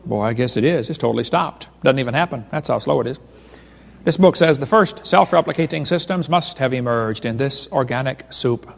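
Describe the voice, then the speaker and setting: A man's voice: mid-range voice, brisk, creaky. A man giving a humorous creation seminar lecture, telling folksy stories and cracking wise jokes to a live audience. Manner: folksy, wisecracking storyteller. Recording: long hall reverb.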